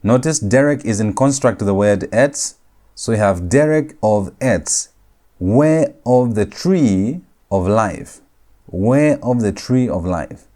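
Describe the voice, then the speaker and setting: Slow, deliberate man teaching a lecture. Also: on the low side, animated, mellow. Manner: slow, deliberate, repeats words for emphasis. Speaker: Hebrew grammar teacher. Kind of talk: recorded lecture.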